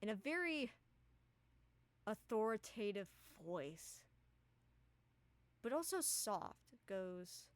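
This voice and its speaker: Lady gm narrating a tabletop game, slow and chatty, lots of ums. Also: mid-range voice, big pitch swings. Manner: casual, filler-heavy. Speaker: game master.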